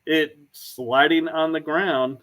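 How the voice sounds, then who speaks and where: A man hosting a podcast, telling stories in a casual, unhurried way. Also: on the high side, steady tone, a bit bright. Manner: storytelling, unhurried. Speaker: podcast host. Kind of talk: casual chat.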